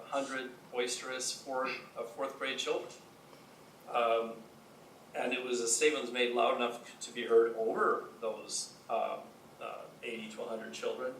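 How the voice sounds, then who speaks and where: A man's voice: mid-range voice, a bit bright, slight background noise. Distant man arguing in a courtroom. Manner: halting, many restarts and fillers. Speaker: defense attorney. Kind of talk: courtroom closing argument. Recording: roomy courtroom audio from a distance.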